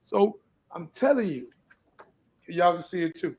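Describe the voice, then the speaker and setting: A man's voice: high voice, expressive, unhurried, darkish tone, husky. An older man from Houston, Texas, hosting his own live show and urging young people to stop the violence, repeating himself and rising into pleading questions. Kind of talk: preachy live-stream talk.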